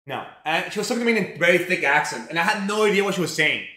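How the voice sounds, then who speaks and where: A man's voice: high voice, expressive, rapid-fire, sharp tone. A young man from Mexico streaming live while he cooks, chatting casually in a rambling, profane way full of fillers. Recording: roomy home echo.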